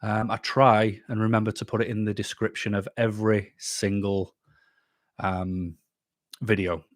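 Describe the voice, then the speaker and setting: Speaking fairly low in a level, unhurried tone, a man from England runs a casual live stream. As a YouTube channel host, he reads comments from the chat and answers them bluntly in a chatty way. No echo, studio quality.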